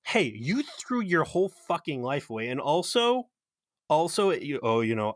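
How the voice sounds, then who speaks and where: A man co-hosting a podcast, recapping an episode in sarcastic, profane, animated chat. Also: a little high, moderate pace, no room sound, studio quality. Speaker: podcast co-host.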